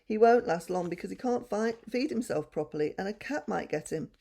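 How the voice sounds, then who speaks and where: A woman's voice: medium pitch, animated, a little fast, creaky, mellow, slightly rough. A woman voicing a sensible boy who answers the phone about his lost bird. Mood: earnest. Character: sensible older boy, the big brother.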